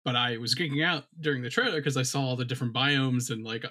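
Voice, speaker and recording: A man's voice: medium pitch, fairly even intonation, fast, pushed and bright. A male podcast co-host talking casually and gushing with enthusiasm. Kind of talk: casual chat.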